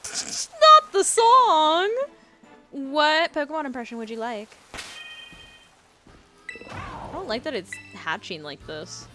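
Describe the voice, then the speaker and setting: A young woman in her twenties streams a game live and chats with her viewers, playfully sarcastic and quick to giggle. Her voice sits fairly high. Loud house beats run under her talk the whole time. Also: sing-song, soft background music. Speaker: game streamer reading chat. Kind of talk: casual live-stream chat. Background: house beats playing under the voice.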